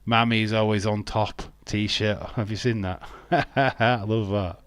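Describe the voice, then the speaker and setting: English male streamer, casual and jokey, lowish voice, dry close sound. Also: steady tone, slow, smooth, dry recording. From England. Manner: chatty, jokey, reads viewer chat aloud. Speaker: live stream host. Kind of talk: casual wrestling watch-along commentary.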